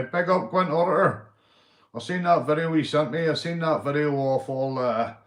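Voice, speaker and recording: A man with a Northern Irish accent hosting a casual livestream, swearing freely and giving loud shout-outs to viewers. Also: mid-range voice, reverberant. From Northern Ireland. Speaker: livestream host. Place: indoors at home, drinking.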